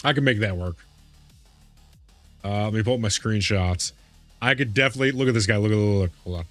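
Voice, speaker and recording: A man's voice: lowish voice, fairly quick, a bit bright, dry recording, faint music behind. A young adult man streaming a game, chatting casually and laughing, often repeating himself. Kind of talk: casual live-stream chat.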